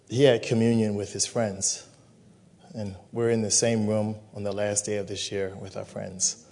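Man preaching in a low, emphatic cadence. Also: warm tone. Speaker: pastor. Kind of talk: communion sermon.

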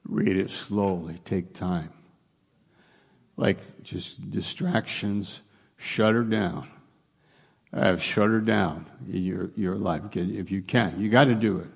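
A man's voice: sits low, slow, creaky, husky. A middle-aged man preaching a conversational sermon as a pastor, plain-spoken and repeating his points for emphasis.

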